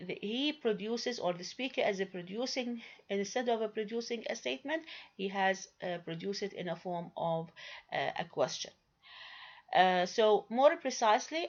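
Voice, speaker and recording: Hesitant woman lecturing, lo-fi. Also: medium pitch. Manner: hesitant, many fillers and restarts, asks rhetorical questions. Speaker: English grammar lecturer. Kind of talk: recorded lecture. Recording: dull lo-fi recording.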